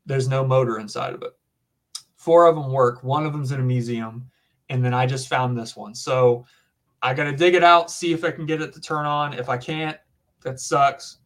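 A man's voice: mid-range voice, steady tone, normal speed, fairly bright tone. A man in his twenties with a Southern US accent, chatting casually and rambling with lots of fillers. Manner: rambling, filler-heavy, says dude and man. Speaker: podcast guest. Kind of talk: casual chat.

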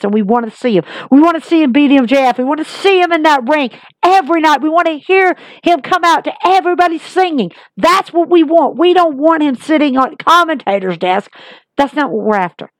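A fairly high-voiced woman recaps wrestling shows in a casual, emphatic way, repeating phrases as an exasperated fan would. Her voice sits close and dry, with no room sound. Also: no echo. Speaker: wrestling podcast host.

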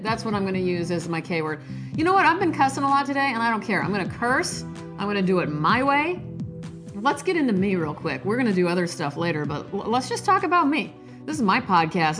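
A woman in her forties from Nebraska hosting her own podcast, talking loudly and excitedly, jumping between topics with cussing and self-mocking jokes. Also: medium pitch. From Nebraska, USA. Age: 40s. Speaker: podcast host. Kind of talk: casual solo podcast monologue.

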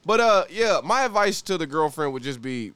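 Lively, animated podcast host guy. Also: on the high side, moderate pace, clear, resonant tone, no echo. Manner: animated, profane, laughs often. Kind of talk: casual podcast chat reacting to a story.

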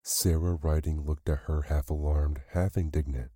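A man reading a classic short story aloud as a bedtime storyteller, calm and measured. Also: extremely low pitch, no echo, clean studio sound.

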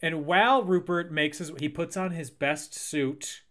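A man's voice: a little high, measured pace, a crowd in the background. A man co-hosting a podcast, chatting casually and recapping a story with dry, self-deprecating humor. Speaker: podcast co-host. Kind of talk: casual chat.

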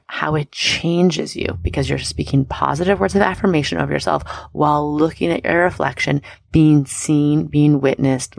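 Woman podcast host, gravelly fry throughout, close and dry. Bubbly, affirming, coaching. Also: low voice, dry recording. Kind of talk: casual motivational talk.

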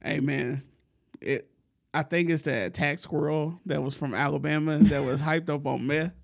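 A man with a somewhat high voice chats loosely on a podcast. He spins a rambling, profane story, laughing along the way. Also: steady tone, normal speed, gravelly. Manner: laid-back, profane, laughs often while telling stories. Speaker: podcast host. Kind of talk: casual storytelling chat.

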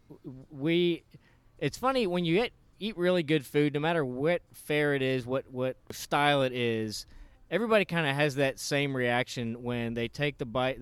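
A man's voice: medium pitch, smooth, no room sound. A man hosting a podcast, chatty and enthusiastic, rambling loosely as he talks. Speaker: podcast host. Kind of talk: casual podcast intro and interview. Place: restaurant.

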